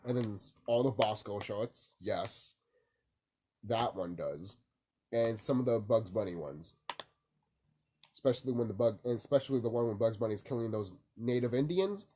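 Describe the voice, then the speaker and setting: A man's voice: lowish voice, expressive, moderate pace, warm tone, slight background noise. A young man vlogging from home in the early morning, sleepy and rambling, swearing casually and leaning on fillers. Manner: loose, rambling, lots of fillers and profanity.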